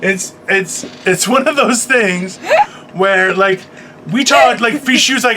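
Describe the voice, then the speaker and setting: A man co-hosting a casual morning podcast, animated and swearing freely, acting out other people as he tells stories. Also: sits high, slow pace, noisy background. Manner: animated, swearing, mimics others mid-story. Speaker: podcast co-host.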